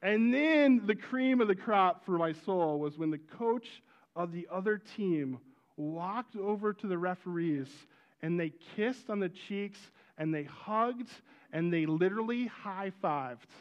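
A middle-aged man preaching with a high, bright-pitched voice. He tells personal stories from the pulpit with animated energy and breaks out in loud exclamations. The recording sounds muffled and lo-fi. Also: unhurried. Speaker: pastor.

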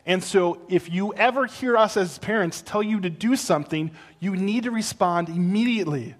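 Fairly high-voiced man preaching. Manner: animated storytelling that builds to loud, high exclamations; slow, soft and earnest when teaching. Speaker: pastor. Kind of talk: sermon.

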